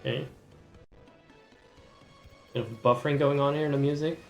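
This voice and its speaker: A young man talks over a game with wry, sardonic asides and reads the dialogue aloud in put-on voices. His voice has a gravelly, fry-tinged edge. Faint game music plays behind him. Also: mid-range voice, steady tone, moderate pace. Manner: wry, sardonic running commentary. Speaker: streamer. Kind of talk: gaming stream commentary with voiced dialogue.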